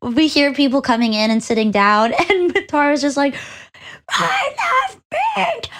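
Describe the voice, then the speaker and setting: A woman with a slightly high voice co-hosts a VTuber podcast in easygoing chat. She giggles often and lets her sentences trail off before finishing them. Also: brisk, very noisy. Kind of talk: casual chat.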